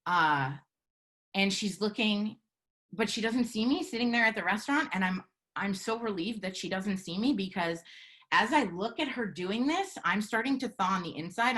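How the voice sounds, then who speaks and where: A woman telling a personal story live, in an earnest, measured way with halting pauses. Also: medium pitch, fairly bright tone. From Canada.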